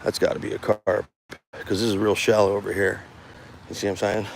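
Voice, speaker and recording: A man's voice: fairly low pitch, flat delivery, brisk, gravelly. Brash New York-accented man, rambling profane live-stream host, outdoors with faint traffic. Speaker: vlogger doing a live stream. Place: outdoors by a pond near traffic.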